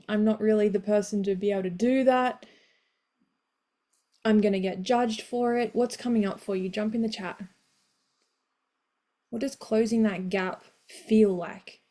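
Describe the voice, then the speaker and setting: Woman, motivational coach hosting live; warm mellow voice, energetic, blunt, swears freely. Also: medium pitch. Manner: energetic, blunt, swears casually, cheers listeners on.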